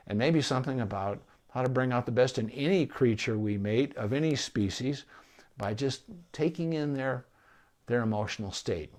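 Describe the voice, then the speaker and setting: A man speaking as a veterinarian in a live-streamed Q&A. He gives calm, measured explanations with pauses and small restarts. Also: medium pitch. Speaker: veterinarian answering viewer questions. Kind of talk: live-streamed Q&A advice talk.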